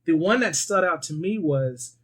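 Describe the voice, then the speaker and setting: A man co-hosting a podcast, chatting casually and telling animated stories full of swearing and acted-out quotes. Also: fairly high pitch, normal speed, breathy edge. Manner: animated storyteller, swears freely, acts out quoted voices. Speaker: podcast co-host. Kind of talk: casual chat.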